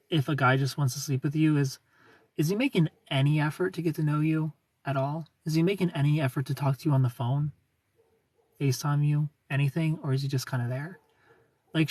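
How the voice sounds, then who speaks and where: The recording has no room sound, though the man, whose pitch is fairly high, is far from the mic. Originally from Britain, he adopts an American accent while chatting on his livestream, reading comments from viewers and laughing often.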